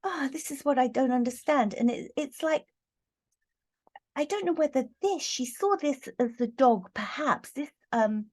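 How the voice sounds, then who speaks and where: A woman giving an earnest, halting tarot reading to camera, with many fillers and growing emotion. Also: sits high, expressive, a little mellow. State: getting emotional. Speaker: tarot reader.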